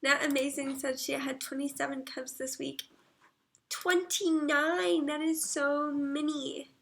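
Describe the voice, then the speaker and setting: A woman livestreaming, chatting casually, reading viewer comments aloud and murmuring soft asides. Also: sits high, flat delivery, moderate pace, creaky.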